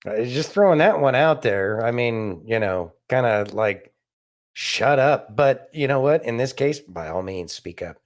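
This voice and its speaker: A man's voice: medium pitch, animated, normal speed, hardly any pauses. A man hosting a podcast, chatting casually and making wry, sarcastic comments. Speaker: podcast host. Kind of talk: casual chat.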